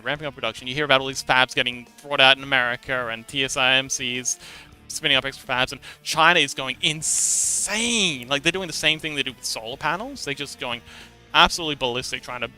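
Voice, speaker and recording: A man's voice: medium pitch, brisk, pushed and bright, faint music behind. A man livestreaming, explaining something in a rambling, casual way, repeating words and laughing now and then.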